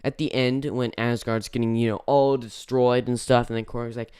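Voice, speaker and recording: Male reviewer, casual and rambling, smooth clear voice, dry close recording. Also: medium pitch, little pitch movement, normal speed, darkish tone, dry recording. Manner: rambling, self-correcting, lots of fillers. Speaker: movie reviewer. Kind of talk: casual spoken movie review.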